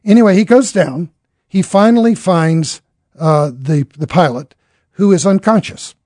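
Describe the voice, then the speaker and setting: A man's voice: sits high, unhurried, a little mellow, no room sound, studio quality. Earnest man retelling a dramatic story. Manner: earnest, acts out the characters' lines.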